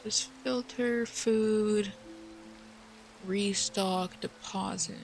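A woman's voice: mid-range voice, fairly even intonation, very slow, vocal fry, darkish tone, faint music behind. A woman giving casual gameplay commentary, chatty and thinking aloud, joking at herself. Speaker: let's play host.

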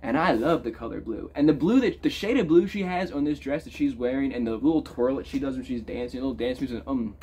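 A man giving a casual, profane movie review, talking with big swings in pitch and loudness. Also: fast, few pauses, husky.

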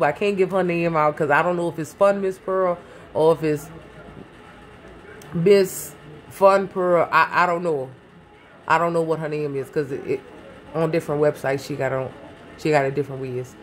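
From her garage at home, a woman chats casually into a phone held near her face, her low voice moving fairly quickly. She wanders off topic a lot, curses, and addresses her viewers as "baby" and "y'all."

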